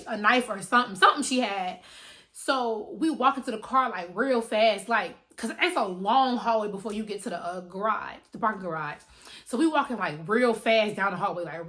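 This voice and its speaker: A young woman vlogger telling a story in a casual, animated and profane way, talking straight to her viewers. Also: medium pitch, fairly quick.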